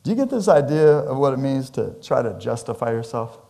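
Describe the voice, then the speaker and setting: Animated man preaching a sermon. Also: brisk, gravelly. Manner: animated, wide swings in pitch and loudness; conversational, joking with the congregation. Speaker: pastor. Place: church.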